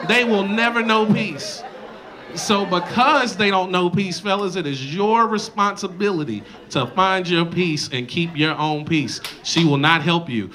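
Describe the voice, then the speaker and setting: Man, stand-up comic, high voice, loud and animated, mocking voices, live club, crowd laughing. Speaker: stand-up comedian. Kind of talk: stand-up comedy set. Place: comedy club stage with live audience.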